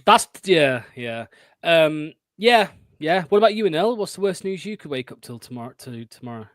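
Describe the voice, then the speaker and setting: Chatty male fan co-host, slightly high pitch, dry close sound. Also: big pitch swings, normal speed, a bit bright, no echo. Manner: confident, chatty, fillers like um. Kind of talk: casual football fan chat.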